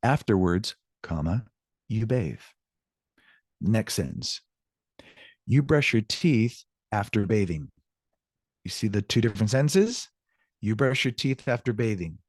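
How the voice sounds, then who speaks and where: A man's voice: fairly low pitch, sing-song, measured pace, long pauses, dry recording, clean studio sound. A man teaching a Spanish lesson, explaining grammar patiently and often checking in with his students. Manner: answers student questions aloud. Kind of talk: recorded online class lecture.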